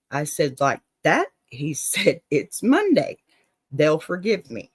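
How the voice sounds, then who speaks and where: A woman's voice: fairly low pitch, no room sound. A woman hosting an advice show, reading a listener's letter aloud with playful drama and laughing asides.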